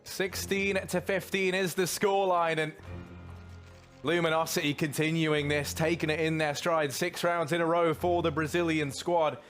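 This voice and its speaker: A man gives colour commentary on a competitive video game match in a chatty, informal way. His slightly high voice jumps up on big plays. Faint music sits under his voice. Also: normal speed. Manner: chatty, uses "mate", bursts of excitement. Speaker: esports caster.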